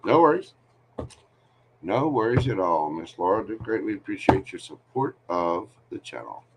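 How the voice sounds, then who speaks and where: A man's voice: fairly low pitch, very animated, normal speed, a little hiss or hum. A man hosting a live tarot reading stream, giving candid, joking, rambling advice. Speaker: tarot reader host.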